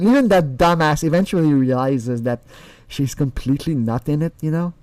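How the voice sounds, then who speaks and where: Chatty man with a slightly high voice. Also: a little fast, darkish tone, dry recording. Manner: rambling, repeats words, mimics other people's tones. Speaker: channel host. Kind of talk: casual commentary on a recorded call.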